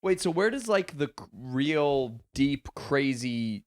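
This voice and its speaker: A man's voice: mid-range voice, big pitch swings, slow pace. A man on a casual podcast, riffing and playing out comic bits. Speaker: podcast co-host. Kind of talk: casual chat.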